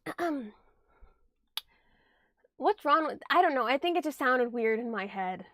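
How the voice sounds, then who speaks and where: A woman's voice: sits high, animated, measured pace, a bit bright, no echo, clean studio sound. A young woman recovering from illness, chatting casually on a livestream from a room at home, thanking viewers and muttering asides to herself as she tidies.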